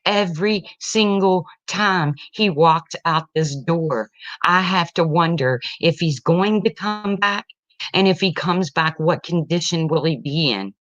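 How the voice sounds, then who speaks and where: Here a middle-aged mother pours out a heated, blunt rant about her family online, tearing up now and then. She talks a little slowly in a lowish, slightly bright voice, captured in a dry, dull lo-fi recording.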